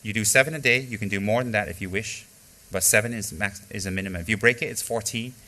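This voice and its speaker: A middle-aged man, talking fast in a lowish, pushed and bright voice, offers a dharma teaching in the role of a Buddhist teacher. He hammers home key phrases through repetition and tells candid stories about his own practice.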